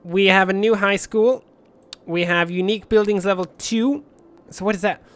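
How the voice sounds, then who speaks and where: A man's voice: high voice, normal speed, clean tone. Rambling jokey man narrating gameplay. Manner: jokey, rambling, sudden shouted outbursts. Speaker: let's play host. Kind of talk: rambling game commentary.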